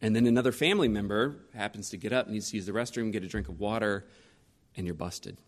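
A man's voice: on the low side, fast talker. Man preaching a storytelling sermon. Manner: storytelling, rhetorical questions, lively shifts in loudness. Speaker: pastor.

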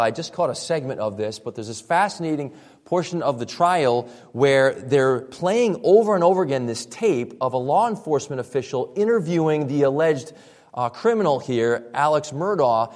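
A man's voice: a little high, darkish tone. A man preaching a sermon as pastor, speaking in a conversational way with frequent restarts. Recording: reverberant hall.

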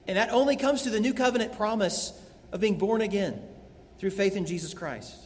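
Male pastor, high voice, earnest emphatic sermon, long hall reverb. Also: expressive, a little fast. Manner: earnest preaching with emphatic repetition.

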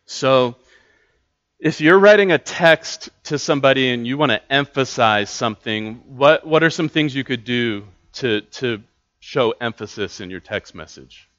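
A man's voice: mid-range voice, expressive, measured pace, fairly bright tone, muffled recording. A man teaching a Bible study class in a casual way, with many fillers and restarts.

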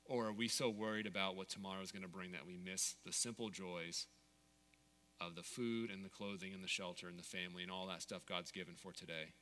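Male pastor, 30s, low bright voice, candid conversational sermon, long church reverb. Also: steady tone, fairly quick. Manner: candid, conversational preaching with personal stories.

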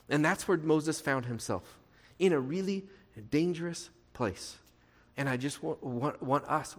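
A man preaching a sermon in an earnest, conversational way, asking his listeners rhetorical questions and adding playful asides. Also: fairly high pitch. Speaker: pastor. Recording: reverberant hall.

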